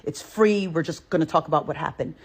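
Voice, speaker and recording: Breathy woman telling an eerie story. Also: low voice, a little fast. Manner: expressive, emphatic, repeats points, addresses viewers directly. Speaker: host of a reaction channel. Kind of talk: animated storytime talk to viewers.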